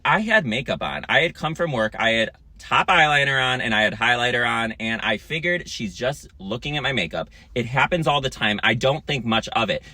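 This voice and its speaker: Sassy male vlogger, dramatic, profane storyteller, bright edge, mid pitch. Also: no echo. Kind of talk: storytime monologue.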